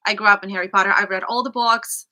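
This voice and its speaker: A woman's voice: mid-range voice, fairly even intonation, quick pace, pushed and bright. A woman co-hosting a casual livestream chat, answering with brief, giggly replies. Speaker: co-host.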